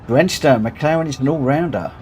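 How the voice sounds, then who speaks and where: A middle-aged man talks through his racing game live stream in an easygoing, meandering way, repeating phrases as he reads out lap times and placings. His voice sits at an ordinary, mid-range pitch for a man. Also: normal speed, a little hiss or hum. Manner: relaxed, rambling, repeats phrases, reads results aloud.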